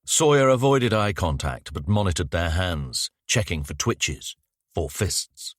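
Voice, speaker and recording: A man reads a thriller aloud in a measured, descriptive storytelling manner. His voice is very deep but moves up and down a lot. The recording is dry and close. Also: lively intonation, no room sound. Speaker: audiobook narrator. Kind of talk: scripted narration.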